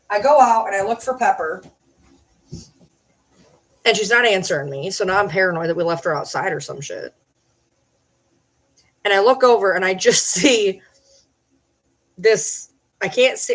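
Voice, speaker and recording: A woman talks to the camera in a relaxed nighttime vlog from her home, breaking off to call and scold her dogs in a high, sing-song voice. The recording is rough.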